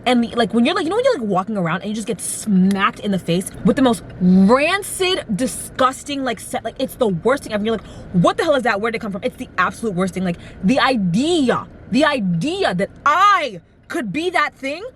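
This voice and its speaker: A young woman in her twenties talks straight to the camera with a slightly high voice, dramatic and rambling, stuffing her sentences with fillers. She is in a car, and a faint hum of the road sits under her voice. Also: very animated, moderate pace, fairly bright tone. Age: 20s. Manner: chatty and dramatic, heavy use of "like", acts out quotes. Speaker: vlogger. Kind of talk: casual chat to camera. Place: inside a car while driving. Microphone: camera mic.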